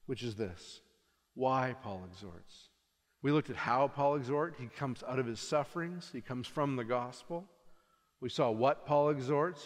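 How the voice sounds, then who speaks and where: Male pastor, slightly high voice, measured sermon delivery, long hall reverb. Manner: measured preaching with slow, trailing emphases.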